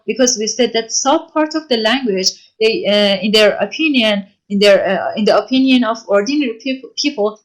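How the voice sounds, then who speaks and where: Halting woman lecturer. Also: mid-range voice. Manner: halting, with frequent pauses and self-corrections. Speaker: university lecturer. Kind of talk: online lecture answering written questions.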